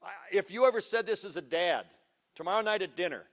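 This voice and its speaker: A man's voice: sits high, expressive, fast talker, fairly bright tone. A man giving a punchy, teasing workshop talk to a live audience of parents, quizzing them as he goes. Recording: live hall with long reverb.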